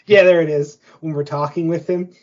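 A man's voice: fairly high pitch, fairly even intonation, brisk. A man co-hosting a podcast in casual chat. He jokes and chuckles as he talks. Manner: joking, chuckling. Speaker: podcast co-host. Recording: muffled lo-fi audio.

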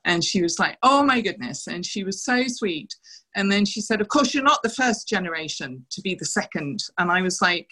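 A middle-aged woman, a former dancer, telling lively anecdotes in an interview. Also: mid-range voice, normal speed, breathy edge, low-quality recording. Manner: animated anecdotes, quoting others with laughs. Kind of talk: casual storytelling interview.

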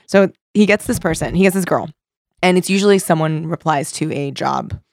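Low-voiced woman telling a rambling story. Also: expressive, a little fast, gravelly, a little mellow, no room sound, clean studio sound. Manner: rambling storyteller, swears freely, laughs often. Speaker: podcast co-host. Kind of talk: casual chat.

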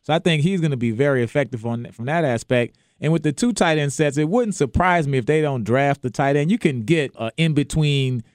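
A man from New Orleans, a former football player, talking sports in a relaxed way, often restarting his sentences. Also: a little high, fairly quick, hardly any pauses, dry recording, clean studio sound. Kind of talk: casual sports chat.

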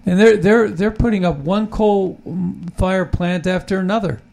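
Brief: a male host with a somewhat high, gravelly voice, rambling and opinionated. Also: unhurried, a little mellow. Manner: rambling, opinionated, many restarts. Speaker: podcast host. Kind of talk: casual political talk.

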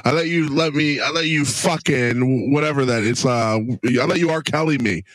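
A man rants and grumbles crudely on a sports podcast, wheezing a little between lines. His voice has a glitchy, low robotic distortion from his computer. It comes through a headset mic on an online call, sounding dry and close. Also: normal speed, fairly bright tone, dry recording. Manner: crude, grumbling, ranting, profane. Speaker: podcast co-host. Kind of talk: casual sports chat.

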